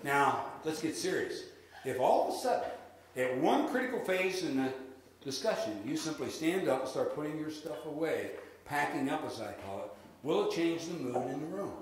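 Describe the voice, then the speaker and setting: Guy running a real estate sales seminar, fairly high voice, big echoey hall, bit of hiss. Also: moderate pace. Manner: lively, drills the audience in call-and-response. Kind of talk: live seminar presentation. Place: large room with an audience. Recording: echoey hall with faint noise.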